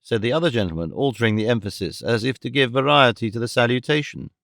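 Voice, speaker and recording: A man narrating a classic novel as an audiobook, in a measured, wry storytelling manner. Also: mid-range voice, gravelly, fairly bright tone, no room sound, studio quality.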